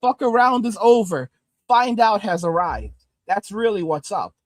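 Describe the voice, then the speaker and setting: A man's voice: sits high, lively intonation, measured pace, no room sound. A man hosting a livestream, ranting bluntly and with heavy swearing, then reading out and answering viewer comments from his home desktop setup on a studio microphone. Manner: blunt, heavily profane, heated. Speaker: livestream host.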